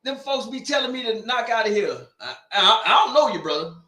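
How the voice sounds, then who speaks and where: A man with a bright, forceful voice hosts a casual watch party stream. He reacts loudly to every play and talks back at the screen. His voice rings around an echoey room. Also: very high-pitched, fairly quick. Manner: loud, animated, talks back to the game.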